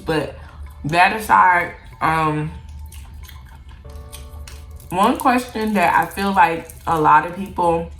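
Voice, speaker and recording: Candid, chatty woman vlogger with low voice. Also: expressive, slow, vocal fry, a bit bright, echoey room, soft background music. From Jamaica. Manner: candid, chatty, heavy use of "like". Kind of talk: casual Q&A chat while eating.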